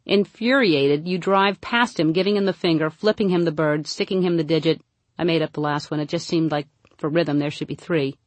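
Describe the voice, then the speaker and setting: A woman narrates her humorous audiobook in a wry, dry comic manner. Her voice sits a little low, and it is recorded close with no room echo at all. The delivery stays steady and knowing as she reads. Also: a little fast.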